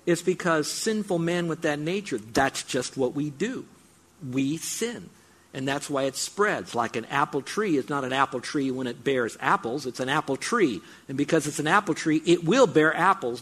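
A man's voice: a little high, a bit bright. A middle-aged man preaching a sermon, explaining scripture with emphatic, repeated build-ups. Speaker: pastor.

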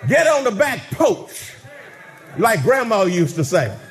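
Male pastor, very high voice, slow, shouted sermon delivery. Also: big pitch swings, slight background noise. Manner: shouting, drawn-out preaching with laughter.

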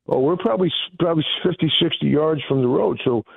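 A man, telling a story as a guest in a phone interview, excitable and booming. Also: fast talker, vocal fry, slightly rough, no echo. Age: 60s. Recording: tinny phone line.

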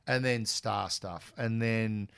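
Australian man, 40s, low gravelly voice, bright edge, lively raconteur. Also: takes it slowly. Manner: animated, acts out quoted voices. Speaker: guest. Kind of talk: casual storytelling.

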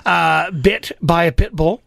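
A man's voice: a little high, slow, vocal fry, a bit bright, dry recording, clean studio sound. A middle-aged man hosting a radio call-in show, upbeat and promotional, repeating phone numbers with lots of fillers. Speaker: radio talk show host. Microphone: studio microphone.

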